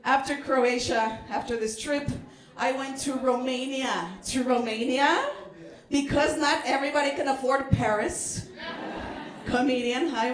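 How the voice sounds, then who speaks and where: A Mexican American woman works a comedy club stage, her bright, high voice punching out jokes. She yells her punchlines and slips into Spanish. The sound bounces around a roomy, echoey venue. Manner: brash, shouting punchlines, mixes in Spanish. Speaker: stand-up comedian. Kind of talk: stand-up comedy set.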